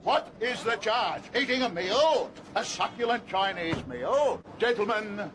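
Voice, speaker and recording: A man's voice: sits high, animated, a little slow, background noise. A man protesting indignantly and theatrically, in an old archive news clip.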